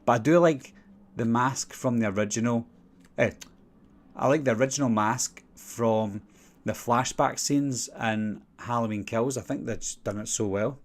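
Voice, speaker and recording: A man's voice: mid-range voice, normal speed. A young man with a Glaswegian Scottish accent, hosting a casual live-stream Q&A and rambling through viewer questions with many fillers. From Scotland. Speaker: channel host.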